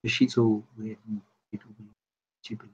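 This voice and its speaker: A man's voice: on the low side, flat delivery, unhurried, a little mellow, slightly rough, poor audio. A man narrating as game master, rambling loosely with many fillers.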